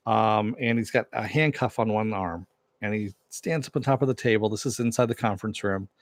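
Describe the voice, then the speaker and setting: A man's voice: on the low side, brisk, dry recording. A man giving a casual, rambling recap of a TV episode, full of fillers and asides. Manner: rambling, filler-heavy storytelling. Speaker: TV recap reviewer.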